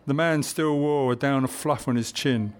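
A man reading a historical adventure novel aloud in measured audiobook narration. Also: medium pitch.

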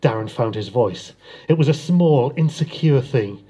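A man, an author, chatting briefly and then reading the opening of his crime novel at a live event, in a steady narrating manner. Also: medium pitch, unhurried, slightly rough.

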